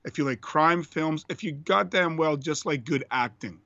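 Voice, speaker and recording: A man's voice: on the high side, moderate pace, sharp tone, muffled recording. A man guesting on a film podcast, talking passionately and emphatically. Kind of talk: casual film chat.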